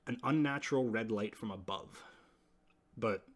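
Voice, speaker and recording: A man's voice: fairly low pitch, normal speed. A man narrating a tabletop game as game master, hesitant and full of filler words.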